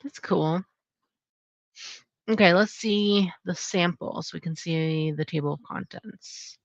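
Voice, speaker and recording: Gravelly low-voiced woman chatting about books. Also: slow pace, no room sound. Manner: chatty, rambling with many fillers. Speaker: channel host. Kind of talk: casual upcoming-releases review. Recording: dull lo-fi sound.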